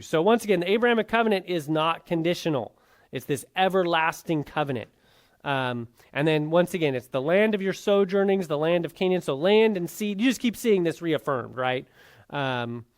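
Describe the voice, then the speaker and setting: High-pitched man teaching a Bible class. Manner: conversational, keeps checking in with "right?". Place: church classroom.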